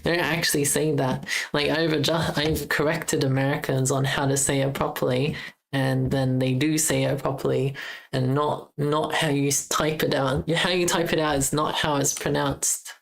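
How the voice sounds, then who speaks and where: A woman's voice: low-pitched, level tone, normal speed, vocal fry, poor audio. A young Australian woman with an Australian accent, chatting casually on a livestream while she codes, thinking aloud and correcting herself. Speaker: game jam streamer.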